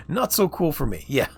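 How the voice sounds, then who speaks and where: A man's voice: a little high, vocal fry, breathy edge. A man streaming a video game, chatting casually and musing aloud while he plays. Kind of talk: casual gameplay livestream chat.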